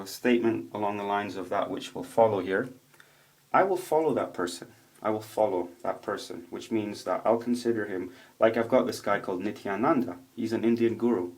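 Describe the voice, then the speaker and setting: A man in a casual, rambling video monologue, swearing a lot as he tells stories in an animated way. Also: on the low side. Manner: profane, rambling, animated storytelling. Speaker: vlogger. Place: home room with a roommate nearby.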